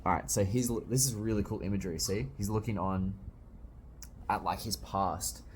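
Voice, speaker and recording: A young man reading a manga aloud and reacting, excitable, swearing often and bursting into loud exclamations. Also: lowish voice, moderate pace, a little hiss or hum. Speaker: manga reviewer.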